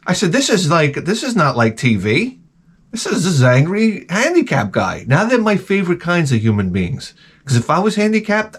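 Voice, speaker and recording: A middle-aged man hosting his own channel, giving a crude, profane comedic rant that swings from mutters to shouts. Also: high voice, very animated, moderate pace, husky. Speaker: channel host.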